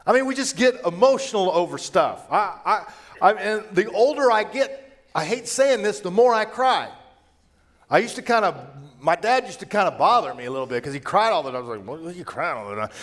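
A middle-aged man preaching a conversational sermon as a pastor, telling personal stories and moving between hushed and raised delivery. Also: sits high, lively intonation, fairly quick.

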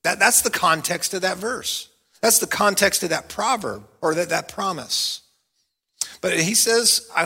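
A middle-aged pastor preaching to his congregation in a high, bright voice. He is animated, moving from loud, playful bursts to quiet, earnest points. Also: breathy edge. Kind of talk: sermon.

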